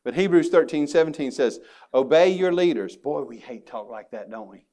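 A man's voice: on the high side, lively intonation, moderate pace, mellow. Male pastor, earnest emphatic sermon delivery with folksy asides. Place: church sanctuary.

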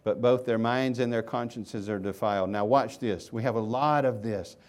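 Male pastor mid-sermon: mid-range voice, earnest preaching, big shifts from loud emphasis to near-whispered asides. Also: moderate pace. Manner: preaching with wide swings from loud emphatic questions to hushed low asides. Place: church sanctuary.

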